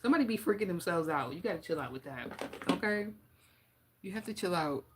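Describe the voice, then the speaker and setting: A woman's voice: lowish voice, lively intonation, a little fast, heavy background noise. A young woman giving a casual tarot reading, blunt and profane, joking and laughing often as she talks. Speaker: tarot reader.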